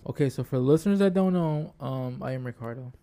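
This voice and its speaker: A man's voice: mid-range voice, a little fast, dark tone, clean tone. A man hosting a casual podcast chat, joking around and often searching for his words. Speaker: podcast host.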